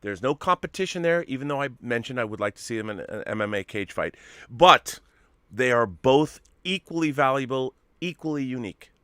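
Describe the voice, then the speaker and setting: A man co-hosting a casual live stream, talking in an animated, emphatic way and swearing freely. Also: mid-range voice, fairly quick, clean tone, no room sound, clean studio sound. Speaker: co-host.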